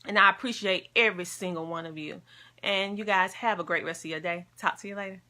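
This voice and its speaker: A woman's voice: medium pitch, brisk, pushed and bright, a little hiss or hum. A woman talking casually to camera as a wellness coach, earnest and heartfelt. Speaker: wellness coach and homeschooling vlogger.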